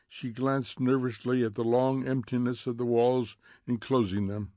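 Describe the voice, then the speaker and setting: A man reading a novel aloud as audiobook narrator, measured and tense. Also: medium pitch, level tone, warm tone, dry recording, studio quality. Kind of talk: scripted narration.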